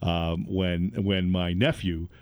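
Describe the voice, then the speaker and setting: A man's voice: low-pitched, level tone, slow pace, smooth, no room sound. A man co-hosting a radio show, chatting casually and telling jokey stories with lots of expression.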